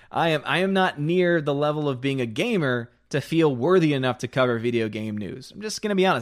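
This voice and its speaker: A man hosting a live stream, reading out viewer comments in a casual, joking way and laughing often. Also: a little high.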